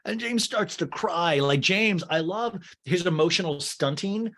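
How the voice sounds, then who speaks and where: A man's voice: high voice, animated, a little slow, fairly bright tone. A man hosting a podcast, recapping a show in a rambling, jokey way. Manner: rambling, jokey, full of fillers. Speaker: podcast host. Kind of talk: casual comedic recap.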